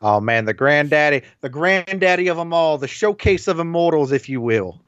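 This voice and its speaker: Hammy drawling old wrestling legend, pitched up, a man doing it as a bit on a podcast, muffled audio. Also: lively intonation, moderate pace, fairly bright tone, clean tone, no room sound.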